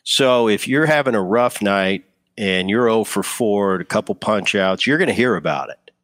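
A man's voice: lowish voice, moderate pace, dry recording. A man, a former ballplayer, chatting casually as an interview guest, telling stories with frequent restarts. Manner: relaxed storytelling with frequent restarts. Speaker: guest, former baseball player.

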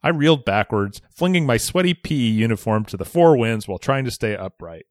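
Podcast host, male, reads a listener letter with lively swooping delivery, dry close sound. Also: medium pitch, brisk, no echo. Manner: animated, expressive storytelling. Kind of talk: reading a listener letter aloud.

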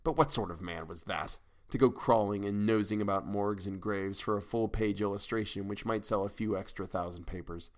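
A man's voice: fairly low pitch, fairly quick, few pauses. A man giving a dramatic first-person reading of a weird tale. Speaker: audiobook narrator. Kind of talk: scripted narration of a weird tale.

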